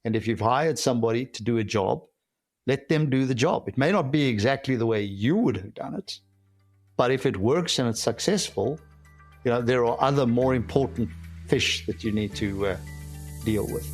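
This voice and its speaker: A middle-aged man with a South African accent answers interview questions in a measured, reflective way, pausing now and then to find his words. His voice sits at an ordinary pitch for a man. The recording is dry and close, with no room sound. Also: no room sound, faint music behind. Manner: measured and reflective, with frequent "uh" pauses. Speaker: guest, company founder and CEO.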